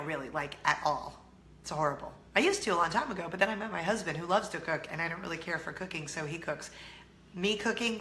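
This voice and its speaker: A woman's voice: on the low side, sharp tone, reverberant, slight background noise. A middle-aged American woman hosting a casual chatty vlog, bubbly and self-teasing, laughing often. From United States. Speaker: vlog host.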